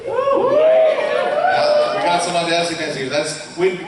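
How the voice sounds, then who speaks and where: A young man from Colorado talks on a convention panel, joking and chatty, poking fun at himself. His voice sits a little high. He is picked up from well back in a very echoey hall, with a faint hiss underneath. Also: fairly quick, far from the mic. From Colorado, USA. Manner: joking, chatty, self-mocking. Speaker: YouTuber speaking on a convention panel. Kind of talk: live convention panel talk. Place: large convention hall with an audience.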